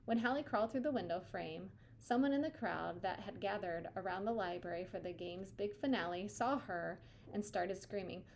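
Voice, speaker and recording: A woman reading a children's novel aloud with an expressive, steady delivery. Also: medium pitch, moderate pace, hardly any pauses, a little hiss or hum. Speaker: reader.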